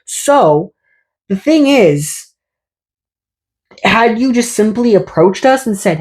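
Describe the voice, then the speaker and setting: A man's voice: high-pitched, expressive, slow, long pauses, slightly rough. A man, a fitness YouTuber, delivering a ranting vlog monologue to camera in an exasperated, sarcastic way, with self-aware asides.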